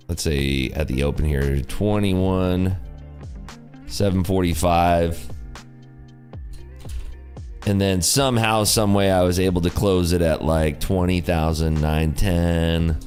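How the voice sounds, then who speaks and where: A very deep-voiced man hosts a trading livestream in loose, rambling chat, full of "like" and "you know". His pitch swings widely as he talks, and faint music plays behind him. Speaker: day-trading livestream host. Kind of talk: casual livestream commentary.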